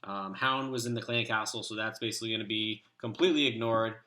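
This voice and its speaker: A man with a slightly low but bright, forceful voice talks through game footage as clan leader. He rambles in a relaxed way, full of ums and uhs, and the room gives his voice a clear echo. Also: fast. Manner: relaxed, rambling, many fillers. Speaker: clan leader and video host. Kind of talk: casual game commentary.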